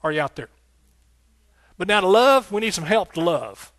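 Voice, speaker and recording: Fervent preacher with a higher voice. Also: male voice, big pitch swings, moderate pace, dry recording. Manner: fervent and rhythmic, with repeated phrases and shouts of hallelujah; folksy, talking directly to the congregation. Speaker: pastor. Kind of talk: sermon.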